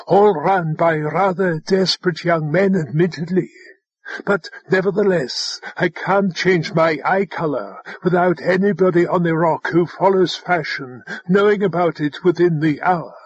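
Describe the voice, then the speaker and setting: A man's voice: sits high, slightly rough, dry recording, muffled recording. A man voicing a flamboyant, willful young woman in an audiobook, with dramatic exclamations. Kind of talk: audiobook character voice.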